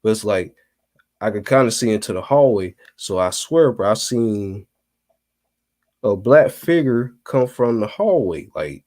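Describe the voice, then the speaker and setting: A man's voice: lowish voice, expressive, unhurried, a little mellow. A young man from North Carolina telling a story on a podcast in a laid-back, slangy way with lots of fillers. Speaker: podcast co-host. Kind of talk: casual storytelling. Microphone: remote call.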